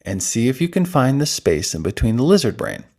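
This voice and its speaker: Man, lively swooping pitch, laughs often, breath-work guide, calm soft instructions. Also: a little fast. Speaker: interview guest.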